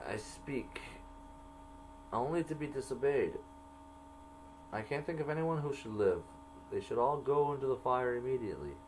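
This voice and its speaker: A man at a mid pitch reads his own diary entries aloud at an unhurried, deliberate pace. He marks each quoted line aloud with quote and end quote, and a faint electrical hum sits low behind his voice. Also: darkish tone, rough recording. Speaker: narrator reading his own jail journal.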